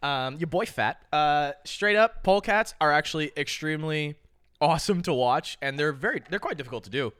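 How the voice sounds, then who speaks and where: A man's voice: on the high side, lively intonation, fairly quick, fairly bright tone, clean tone. A young man hosting a podcast, chatting casually with loose, profane, joking banter. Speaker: podcast host. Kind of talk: casual reaction chat.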